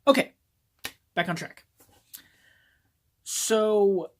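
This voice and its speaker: A man giving a casual video book review on his phone, rambling and swearing often as he gets excited. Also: a little high, measured pace, long pauses.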